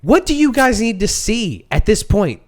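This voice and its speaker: A man co-hosting a casual podcast, ranting with a fairly high, very lively voice. He mocks the voices of others and keeps pressing his point. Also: normal speed. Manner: ranting, animated, mocking quoted voices. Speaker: podcast co-host. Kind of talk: casual chat.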